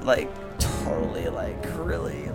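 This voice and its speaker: Young guy ranting over a fighting game, pitch all over the place, swears a ton, game music blasting. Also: sing-song, a little slow, gravelly. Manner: swearing, yelling, frustrated outbursts. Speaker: gaming video creator. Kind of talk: live gameplay reaction. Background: loud game music.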